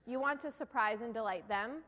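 A woman's voice: a little high, brisk, sharp tone. A woman with a New Jersey accent giving an earnest, persuasive business presentation to a live audience, often putting questions to the room. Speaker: keynote speaker. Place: event hall before a live audience. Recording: long hall reverb.

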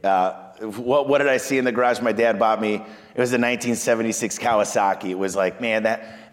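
Energetic man telling business stories. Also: in a large hall. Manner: energetic storyteller, acts out quoted clients in a higher voice. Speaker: business owner. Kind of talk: animated business talk.

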